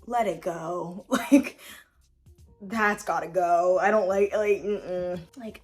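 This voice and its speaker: A woman's voice: on the low side, steady tone, takes it slowly, faint music behind. A young woman vlogging, ranting casually to camera with lots of fillers, sassy asides and frequent laughs. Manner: chatty, filler-heavy, sassy, laughs often. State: tired late-night voice-over. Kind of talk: casual opinion rant to camera.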